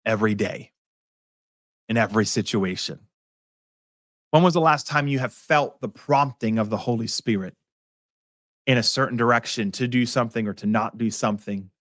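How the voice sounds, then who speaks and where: A man's voice: medium pitch, no echo. A male pastor preaches in an easy, conversational manner, weaving personal stories and asides into his message. His voice sits in an ordinary middle range. The recording is close and dry, with no room sound. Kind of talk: sermon.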